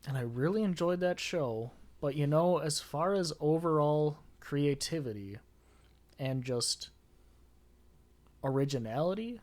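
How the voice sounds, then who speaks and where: A young man co-hosting a podcast, chatting casually, stumbling and correcting himself, quick to laugh. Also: a little high, lively intonation, a little mellow. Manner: chatty, self-correcting, hesitant, laughs easily. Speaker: podcast co-host. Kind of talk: casual chat.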